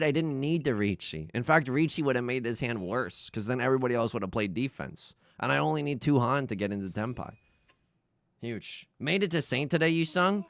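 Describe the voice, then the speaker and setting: Lively, gravelly-voiced male streamer. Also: fairly high pitch, dry recording. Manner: playful, jokey, chatting with viewers. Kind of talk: casual livestream commentary while playing.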